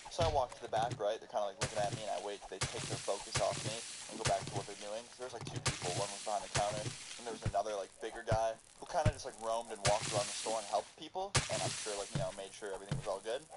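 A man casually telling a story over gameplay, animated and full of swearing. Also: lowish voice, racing, hardly any pauses. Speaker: gaming video host. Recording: loud background noise.

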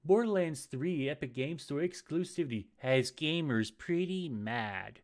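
A man's voice: fairly high pitch, moderate pace, darkish tone. Rambling, cursing male gaming host. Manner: rambling, stumbling, profane, lots of uh fillers. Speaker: podcast host. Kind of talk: casual gaming news chat. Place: home setup, live stream.

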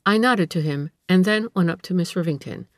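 A woman reading a classic story aloud in steady, measured narration. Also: fairly low pitch, no room sound, studio quality. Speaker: audiobook reader.

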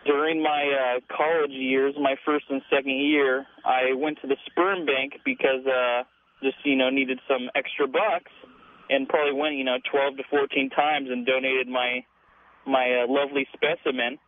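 A man's voice: medium pitch, little pitch movement, moderate pace, dry recording. A young man calling a radio show from his car, anxious and panicked. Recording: tinny phone line.

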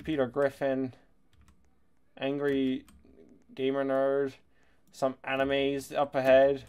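A man chatting his way through a video game, excitable and quick to laugh. His voice sits at an ordinary middle pitch, and he swears freely as he goes. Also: clean tone. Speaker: gaming YouTuber. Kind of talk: casual gameplay commentary.

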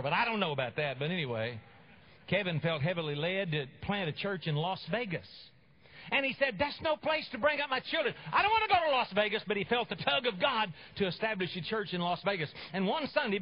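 A man preaching a sermon, telling stories and swinging between loud emphasis and low, quiet asides. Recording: dull lo-fi radio broadcast.

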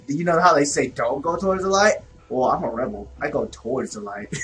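A young man giving casual, excitable, profane let's-play commentary, shouting reactions at a game. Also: fairly high pitch, brisk, few pauses, poor audio. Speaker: gaming video host.

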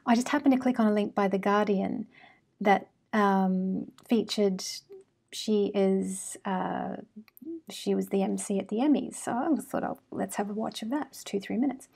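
A woman with an Australian accent tinged with British and American sounds talks straight to her viewers. Her voice sits at an ordinary middle pitch, and her talk runs loose and friendly, full of ums and asides. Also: unhurried, creaky, slightly rough. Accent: Australian with British and American traces. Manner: chatty and warm with frequent fillers. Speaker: astrology channel host. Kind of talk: casual monologue to camera.

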